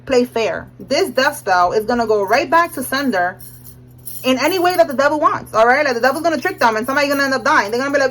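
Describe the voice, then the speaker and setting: A young woman with a high voice talks through a tarot reading in a loose, slangy way. She keeps checking in with "all right?" and laughs often as she goes. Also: expressive, fast talker, fairly bright tone, low-quality recording. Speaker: tarot reader. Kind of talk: casual tarot reading monologue.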